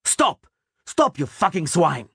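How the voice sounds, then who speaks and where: A man's voice: on the high side, sing-song, normal speed, slightly rough, dry recording, clean studio sound, pitched above the performer's own voice. A man voicing a fierce male officer who barks orders and roars at fleeing soldiers. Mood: roaring. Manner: barking orders, roaring.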